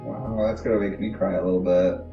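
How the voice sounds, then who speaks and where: Very deep-voiced male interviewer, gentle. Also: fairly even intonation, fairly quick, creaky. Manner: gentle and affirming. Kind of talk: supportive interview conversation. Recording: roomy, distant, dull audio with faint music.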